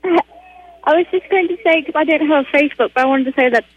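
A woman's voice: sits high, brisk, no echo, muffled recording. A woman with a British accent calling a radio show, speaking shyly and giggling. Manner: shy, giggly. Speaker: caller. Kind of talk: phone call to radio show.

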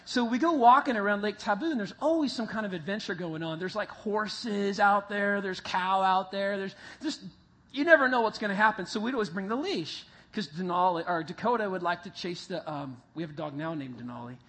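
A man preaching to a group, telling a vivid, animated story that builds toward a Bible lesson. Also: high voice, brisk. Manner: animated storyteller, acts out voices and sounds. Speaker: youth pastor. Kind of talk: sermon with a told story. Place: meeting room with a live group.

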